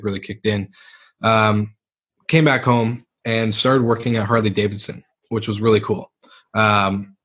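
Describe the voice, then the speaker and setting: A man's voice: on the low side, a bit bright. A young man telling his life story as a podcast guest, laid-back and rambling, with lots of fillers. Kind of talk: candid storytelling interview.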